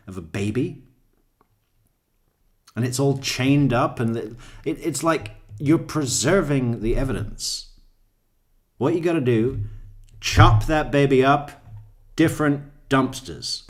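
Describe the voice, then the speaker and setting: A male true crime commentator talks slowly and casually, drifting between thoughts. He swears freely and chuckles at his own asides. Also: mid-range voice. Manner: profane, rambling, laughs at own jokes. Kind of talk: casual commentary over court footage.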